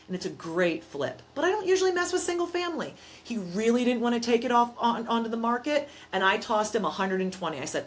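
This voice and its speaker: A woman's voice: a little high, big pitch swings, a little fast, hardly any pauses. A woman property manager and investor talking in a casual podcast conversation, explaining things emphatically and telling stories in which she acts out both sides.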